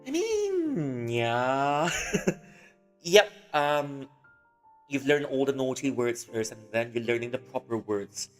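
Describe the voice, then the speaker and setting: A man's voice: mid-range voice, big pitch swings, slow, soft background music. Chatty male streamer with a long reverb tail. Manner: chatty, laughs often, trails off mid-sentence. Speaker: livestreamer reading and translating a novel. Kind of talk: casual livestream chat.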